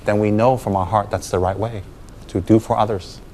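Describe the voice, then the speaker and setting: A man's voice: fairly low pitch, steady tone, a little fast, darkish tone, a little hiss or hum. A man, a Buddhist teacher, giving a dharma talk to students, emphatic and full of rhetorical questions.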